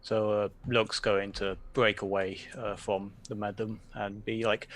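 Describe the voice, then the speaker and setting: Brief: lowish male player, polite and halting in character. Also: little pitch movement, a bit bright. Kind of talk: playing his character in a tabletop game.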